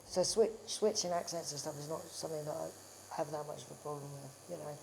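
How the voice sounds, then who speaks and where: A man's voice: a little high, fairly even intonation, fast, gravelly, a little mellow, a little hiss or hum. A man with an English accent, an actor guest in a casual chat in a tattoo studio, talking loosely with many "like"s and "do you know what I mean".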